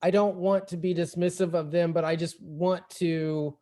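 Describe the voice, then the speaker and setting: A man's voice: fairly high pitch, flat delivery, normal speed, warm tone. Easygoing man moderating a video workshop. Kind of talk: casual conversation.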